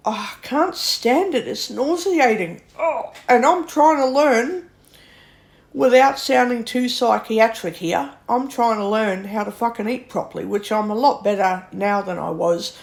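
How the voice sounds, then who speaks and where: A woman's voice: on the high side, measured pace, vocal fry. A woman, ranting bluntly to camera in a vlog, swearing often and sounding exasperated. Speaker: vlogger.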